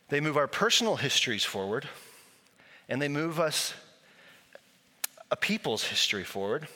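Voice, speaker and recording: Man, pastor, sermon, bright voice, storytelling, long hall reverb. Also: on the high side. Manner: conversational, storytelling with acted quotes.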